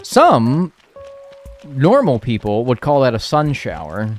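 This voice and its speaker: A young male streamer chatting loosely while he plays, swearing as he rambles. His pitch swings widely, though his voice sits at an average height for a man. Quiet game music plays underneath. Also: slow pace. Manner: animated, swears freely, rambling. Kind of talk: casual stream chat while playing.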